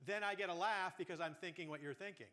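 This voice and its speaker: A man coaches a workshop group on comedy, talking in a fairly high voice. He is animated and explains his points through everyday examples. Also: quick pace. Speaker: humor coach.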